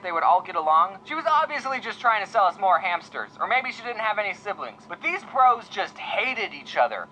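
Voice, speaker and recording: A video creator telling a scripted comedic story with deadpan jokey asides. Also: mid-range voice, a little hiss or hum, rough recording.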